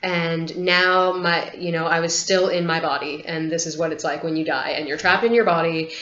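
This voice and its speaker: A woman's voice: low voice, steady tone, moderate pace, a bit bright. A woman vlogger telling a personal story to camera in a candid, rambling way, with many "like" fillers and free swearing. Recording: roomy, dull lo-fi home recording.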